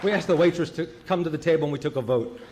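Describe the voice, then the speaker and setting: An older man telling his recovery story at a meeting, halting and full of fillers. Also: fairly high pitch, a loud crowd, very noisy. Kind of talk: personal recovery talk.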